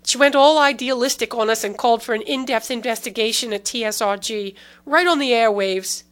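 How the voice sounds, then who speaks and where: A woman's voice: fairly high pitch, a little fast, a bit bright, natural voice. Woman reading as a curt, weary male security chief. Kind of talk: audiobook character reading.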